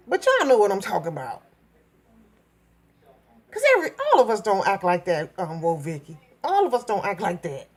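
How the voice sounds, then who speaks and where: A middle-aged woman from Minnesota telling a story in a blunt, profane, animated vlog rant. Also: mid-range voice, normal speed. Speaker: vlogger.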